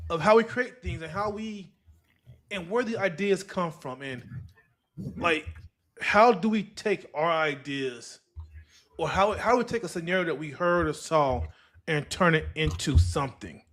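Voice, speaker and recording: A man hosting a podcast, chatting loosely and rambling with restarts and fillers. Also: a little high. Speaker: podcast host. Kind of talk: casual podcast chat.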